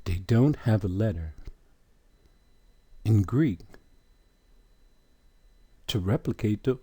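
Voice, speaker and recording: Male teacher walking through a letter chart, unhurried, mellow tone, lively pitch, dry close sound. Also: slightly rough, no echo. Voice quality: slow, questioning, repeats sounds.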